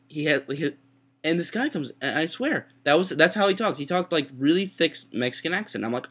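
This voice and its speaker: A young man who is sick with a sore throat tells a rambling, self-mocking story into his webcam, breaking into high-pitched voices for quotes. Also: expressive, fast, fairly bright tone. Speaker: vlogger. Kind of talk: casual storytelling.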